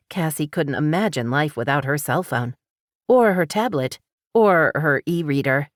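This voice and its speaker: Low, expressive woman narrator. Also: a little slow, no room sound, studio quality. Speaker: audiobook narrator. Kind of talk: scripted narration.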